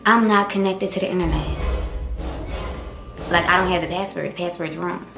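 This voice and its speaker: A young woman tells a story to the camera in a lively, emphatic style, jumping into the voices of the people in it. Her voice carries an echoing room sound, with faint music underneath. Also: lowish voice, normal speed, gravelly. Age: young adult. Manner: animated, emphatic, acts out dialogue. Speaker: college student telling a story. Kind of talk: casual storytime. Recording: roomy echo with faint music.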